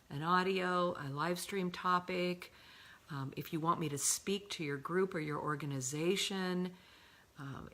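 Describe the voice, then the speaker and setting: Low-voiced woman coaching softly. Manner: calm, often dropping to a breathy whisper; slow, drawn-out emphasis on key words. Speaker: love coach. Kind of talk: motivational coaching talk.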